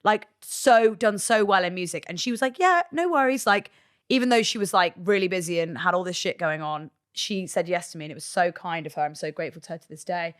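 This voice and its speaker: A woman, talking casually on a podcast, chatty and swearing freely in quick bursts. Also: fairly low pitch, fairly even intonation. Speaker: podcast guest, presenter. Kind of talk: casual chat.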